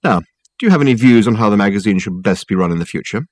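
A man voicing a brisk, sweetly ruthless older aristocratic mother who stays coolly in control. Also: fairly low pitch, animated, a little mellow, dry recording.

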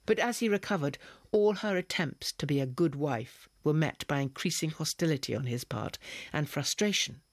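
A man's voice: on the high side, normal speed, dry recording. Man reading a story, dry sound. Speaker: audiobook reader. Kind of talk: scripted first-person narration.

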